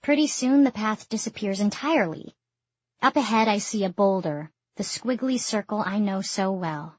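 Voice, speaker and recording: A woman's voice: medium pitch, moderate pace, no room sound. Woman narrating an audiobook, muffled. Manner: steady storytelling read. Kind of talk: first-person audiobook narration. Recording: dull lo-fi dry recording.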